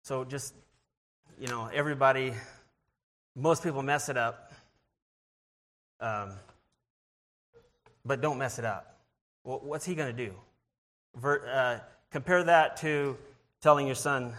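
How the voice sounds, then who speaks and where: A man giving an informal sermon, earnest and halting, often restarting and repeating his words as he searches for them, and reading scripture in a slower voice. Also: a little high, a bit bright. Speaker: lay preacher.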